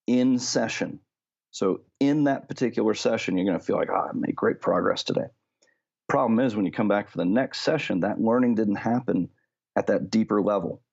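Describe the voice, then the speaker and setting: A man presenting a podcast segment on practice and movement, explaining in a measured way with frequent fillers. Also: on the low side, vocal fry, darkish tone, dull audio. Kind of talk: instructional talk.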